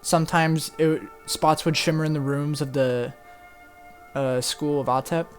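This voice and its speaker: A man's voice: on the high side, steady tone, measured pace, clean tone, faint music behind. A man playing a tabletop game casually, often trailing off. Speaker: player.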